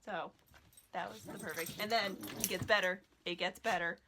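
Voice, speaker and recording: A woman's voice: mid-range voice, steady tone, moderate pace, background noise. A woman chatting casually at home as a knitting vlogger, gushing about what she loves and breaking off to scold her dogs. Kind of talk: casual chat.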